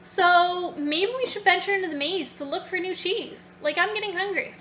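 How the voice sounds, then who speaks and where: A woman's voice: very high-pitched, moderate pace, sharp tone, a little hiss or hum. A woman voicing a practical little man who decides to move on, speaking in a blunt, matter-of-fact way. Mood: reasoning.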